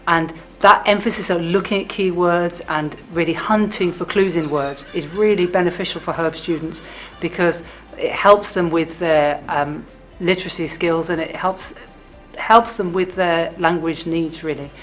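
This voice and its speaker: Low-voiced female science teacher. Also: steady tone, normal speed, fairly bright tone, faint music behind. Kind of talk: interview about teaching.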